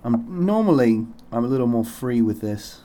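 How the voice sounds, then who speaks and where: Young American male host, loose and chatty, average pitch, salty talker. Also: animated, warm tone. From United States. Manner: chatty, swears freely, quick laughs. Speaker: podcast host. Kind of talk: casual chat.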